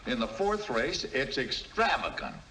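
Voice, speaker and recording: Brief: a sardonic talking mule, slow and bright-toned, on a faintly hissy old film track. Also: male voice, medium pitch, big pitch swings. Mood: wry. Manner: dry, sardonic, slow drawl. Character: wisecracking talking male mule. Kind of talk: 1950s film comedy acting. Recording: old film soundtrack with noise.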